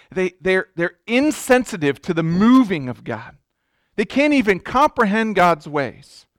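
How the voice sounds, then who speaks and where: A man's voice: sits high, fairly bright tone, no room sound, clean studio sound. A man preaching a sermon as pastor, emphatic, repeating words and restarting his sentences.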